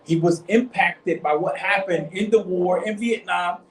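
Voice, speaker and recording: A man's voice: sits high, unhurried. A man leading an informal religious discussion with a small group, rambling and repeating himself, often asking "you see what I'm saying?". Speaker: study circle leader. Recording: echoey room, mic far off, faint noise.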